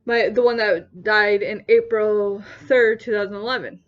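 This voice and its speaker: A young woman vlogger telling a personal story in a casual way, lively and acting out the voices she quotes. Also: medium pitch, moderate pace. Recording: slightly dull audio with faint music.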